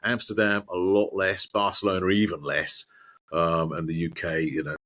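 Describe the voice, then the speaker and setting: A middle-aged man, a guest in a conversation, telling animated anecdotes with mild swearing and frequent restarts. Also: low voice, normal speed. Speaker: guest, former sports broadcaster.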